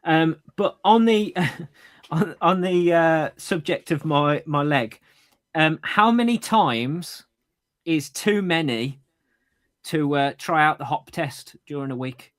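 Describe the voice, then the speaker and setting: A man co-hosts a running podcast over a remote call on AirPods, chatting casually, stumbling, and laughing at his own slips. His voice is a little high, and he takes things slowly.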